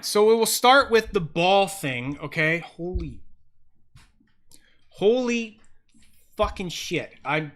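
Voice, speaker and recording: On a home livestream about fidget toys, a man chats casually into a close, sensitive mic. He rambles excitably and swears freely, speaking slowly in a high voice with frequent pauses.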